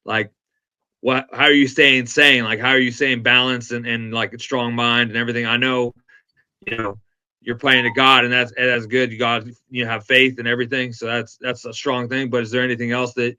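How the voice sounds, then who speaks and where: Flat, bright-voiced podcast host. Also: male voice, medium pitch, smooth. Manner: halting, lots of fillers while asking. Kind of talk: casual interview questions.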